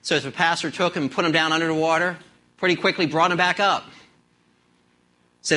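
A pastor preaching a sermon, moving from telling a joke into emphatic preaching and scripture reading. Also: male voice, fairly high pitch, steady tone, brisk, long pauses, sharp tone. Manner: storytelling, then emphatic preaching.

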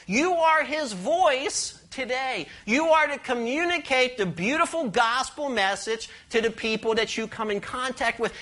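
Woman preacher, sermon delivery, bright and forceful, asks the room questions. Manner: emphatic, rising to high passionate stress, slowing to read verses; asks the congregation questions and leads call-and-response.

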